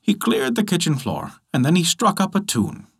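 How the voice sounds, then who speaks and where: Expressive male folk tale storyteller. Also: fairly high pitch, moderate pace, creaky, husky.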